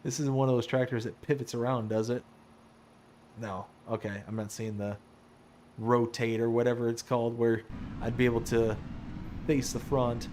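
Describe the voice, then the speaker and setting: A man's voice: mid-range voice, normal speed, pauses often, a little hiss or hum. A man live-streaming a farming game, chatting casually with his viewers, often laughing and answering their messages. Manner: animated, laughs often, talks to chat. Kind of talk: casual live-stream chat while playing.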